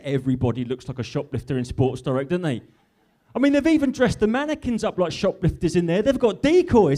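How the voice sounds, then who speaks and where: A man's voice: sits high, wildly swooping pitch, mellow. An English man from Norfolk doing a live stand-up comedy set in an industrial unit, chatty and teasing with the crowd. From Norfolk, England. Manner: chatty, teasing crowd work with quick asides.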